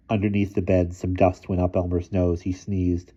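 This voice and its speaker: A man reading a children's novel aloud in a calm, measured storytelling voice. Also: sits low, slightly rough. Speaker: reader. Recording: dull lo-fi sound.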